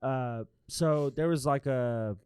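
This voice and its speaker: A man's voice: mid-range voice, slow, darkish tone, smooth, no room sound, clean studio sound. A man co-hosting a podcast, chatting casually and rambling through a personal story with many restarts and laughs. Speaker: podcast co-host. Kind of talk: casual chat and personal anecdote.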